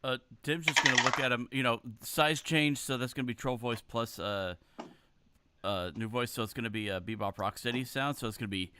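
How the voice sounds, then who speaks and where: A man's voice: medium pitch, brisk, sharp tone. A man playing a tabletop role-playing game, chatting eagerly and joking. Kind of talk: casual game-table chat.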